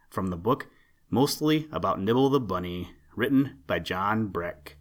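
Male storyteller-host, calm and earnest, lowish voice. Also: moderate pace. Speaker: host and narrator. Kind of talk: children's story reading.

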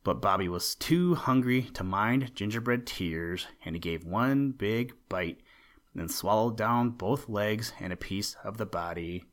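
A man hosting a podcast, reading a children's story aloud in a gentle, measured storytelling manner. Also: on the low side. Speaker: podcast host and story reader. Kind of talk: storybook read-aloud narration.

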